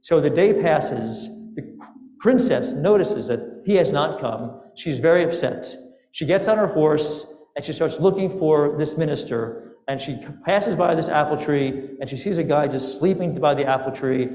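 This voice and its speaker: Guy rabbi spinning a story in his sermon, kinda high voice, really echoey room. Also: moderate pace. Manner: animated, casual storytelling. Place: synagogue sanctuary. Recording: echoey sanctuary with long reverb.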